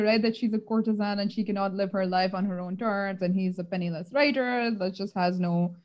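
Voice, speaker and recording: A woman in casual chat, earnest and rambling, with many fillers and restarts. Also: medium pitch.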